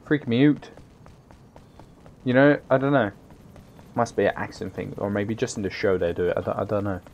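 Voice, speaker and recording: A tired young man giving casual, rambling gameplay commentary, swearing freely with loud bursts of excitement. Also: fairly low pitch, fast talker, gravelly, dull audio, a little hiss or hum. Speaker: gaming YouTuber.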